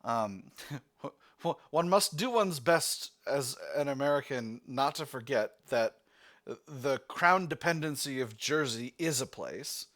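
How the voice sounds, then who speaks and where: A man's voice: medium pitch, lively intonation, slow, a bit bright. A man reading a text adventure game aloud as its player, breaking off into rambling, self-correcting asides.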